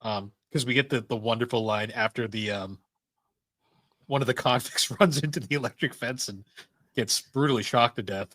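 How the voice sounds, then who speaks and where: Bright, excitable male podcast co-host. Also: mid-range voice, normal speed, no echo. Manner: enthusiastic, laughs and swears a lot. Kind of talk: casual podcast chat.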